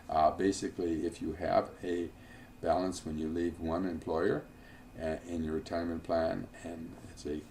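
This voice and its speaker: A man lectures on financial planning in a low, mellow voice. He talks loosely and digresses, with plenty of fillers and dry asides. A faint hiss of noise runs underneath.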